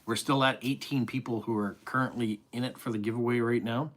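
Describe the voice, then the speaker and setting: A man's voice: medium pitch, fairly even intonation, a little fast. A middle-aged man with an East Coast Canadian accent, hosting a casual live stream and reading viewer comments aloud in a friendly, chatty way.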